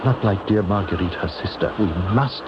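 A man's voice: on the low side, normal speed, very noisy, close to an everyday voice. A man playing an urgent loyal servant. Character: earnest loyal servant in disguise. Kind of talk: old-time radio drama acting. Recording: dull old radio recording.

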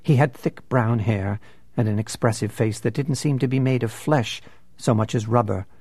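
A man narrating an audiobook in a measured, unhurried way. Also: medium pitch, a little mellow, no echo.

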